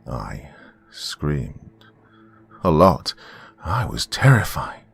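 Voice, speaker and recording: A man tells a first-person horror story in a slow, brooding manner. His voice sits very deep with a gravelly, husky texture, unhurried from line to line. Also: lively intonation, soft background music. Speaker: horror podcast host and narrator.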